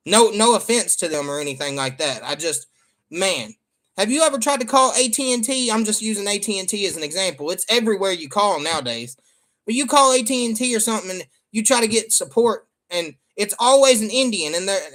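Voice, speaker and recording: A man's voice: high voice, animated, a little fast, a bit bright. A man with a Southern American accent chatting casually to viewers as a father and streamer, joking and trailing off with ums. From Michigan. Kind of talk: casual rambling chat to viewers.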